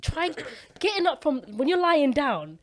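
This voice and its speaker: A woman's voice: high-pitched, big pitch swings, measured pace, a little hiss or hum. A young woman, co-hosting a podcast and telling a candid, slangy personal story. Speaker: podcast co-host. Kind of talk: casual chat.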